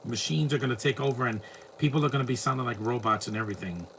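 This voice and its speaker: A man talking over a film with a bright, forceful voice, rambling from one opinionated aside to the next. His casual commentary turns into rants, with a faint hiss underneath. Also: medium pitch, fast talker, vocal fry.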